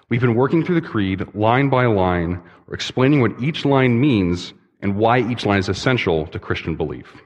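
A young man, a pastoral intern, giving a sermon in a church, relaxed and conversational in his storytelling. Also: fairly low pitch. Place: church sanctuary. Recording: long reverb in a church hall.

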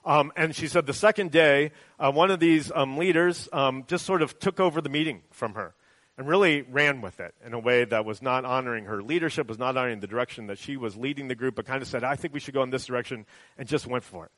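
A middle-aged male pastor preaching in a relaxed, conversational way, often tagging his points with "right?". His voice sits at a middle pitch and sounds close and dry, with almost no room echo. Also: fast. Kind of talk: sermon.

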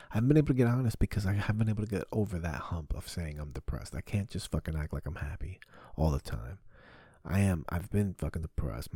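Brief: male podcast comic, deep husky voice, profane rambling monologue. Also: mellow, dry recording, clean studio sound. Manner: profane, rambling, self-deprecating. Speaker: comedian podcast host. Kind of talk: solo comedic confessional talk.

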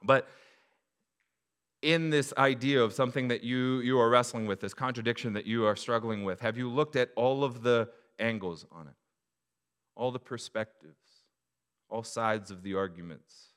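A male pastor preaching a sermon to his church, moving from quiet reflection to loud, emphatic appeals. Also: medium pitch, normal speed, long pauses, clean tone.

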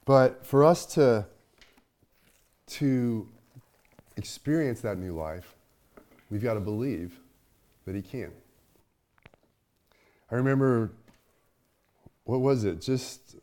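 Middle-aged male pastor, conversational sermon, shifts between emphatic and soft. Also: fairly low pitch. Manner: conversational, swings from loud to hushed.

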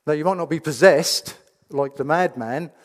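A man's voice: on the high side, moderate pace. A man preaching a sermon in a church, emphatic and full of rhetorical questions. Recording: reverberant church hall.

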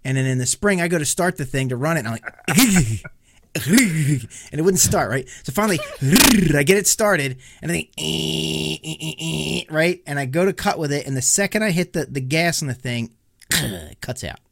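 A man's voice: fairly high pitch, fairly quick, no echo, studio quality. A man co-hosting a casual podcast chat, telling stories with a lot of swearing and acting out his own angry outbursts. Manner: profane animated storytelling, acts out his own rage. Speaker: podcast co-host.

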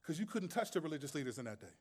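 High-voiced pastor preaching with swing. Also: male voice, very animated, rapid-fire, a little mellow, breathy edge. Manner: conversational, streetwise preaching with humor and rhetorical questions. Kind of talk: sermon.

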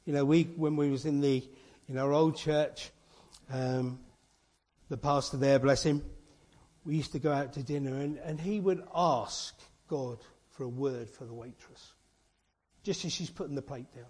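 A man's voice: medium pitch, fairly even intonation, a little slow, darkish tone. A man preaching an informal sermon as a church elder, earnest and chatty, full of rhetorical questions and asides.

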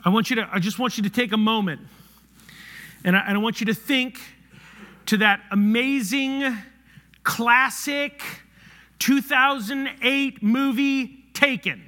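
A man preaching a sermon as the pastor, animated and conversational, swinging between loud emphasis and hushed, near-whispered passages. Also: very high-pitched, a little slow, long pauses. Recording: reverberant hall.

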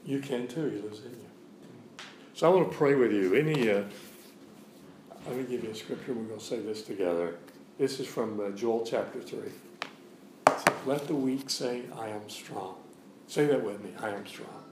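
A man's voice: mid-range voice, moderate pace, pauses often, roomy sound, a little hiss or hum, low-quality recording. A man giving a sermon as a guest preacher in a church, preaching in a conversational way and repeating phrases for emphasis. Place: church sanctuary.

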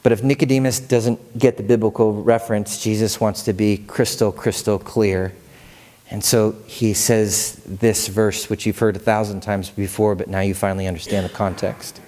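A male pastor preaching a sermon in a church, energetic and casual, playfully urging the congregation to join in. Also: lowish voice, normal speed.

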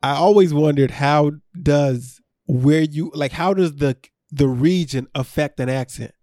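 A man on a podcast recaps a reality show in easy, casual chat, laughing often as he goes. His voice sits a touch high and warm, and the sound is close and dry. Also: a little slow, no echo. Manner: laughs often, loose and conversational.

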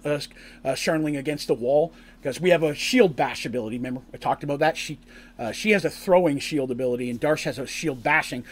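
A man recapping a tabletop role-playing session as game master, in animated storytelling that bursts into acted character lines. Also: fairly high pitch. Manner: lively, acts out characters' lines in shouts and squeals.

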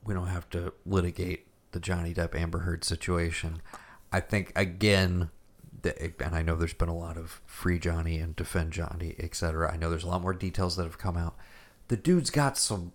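A man's voice: low voice, steady tone, normal speed. A man co-hosting a podcast in casual chat, thoughtful and hedging, often restarting his sentences. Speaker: podcast co-host.

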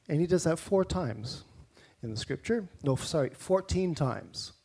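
A man's voice: a little high, lively intonation, unhurried, gravelly, a little mellow, breathy edge. A man with a Canadian accent preaching a sermon in a conversational way, with rhetorical questions and mock-incredulous asides.

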